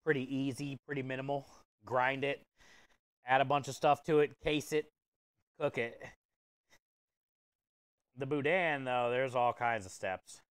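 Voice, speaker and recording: A man's voice: medium pitch, steady tone, unhurried, pauses often, clean tone, no echo, studio quality. A man, a food truck chef, chatting casually with his livestream viewers while he cooks in a kitchen. He is easygoing and joking, and he chuckles often. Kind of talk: casual livestream cooking chat.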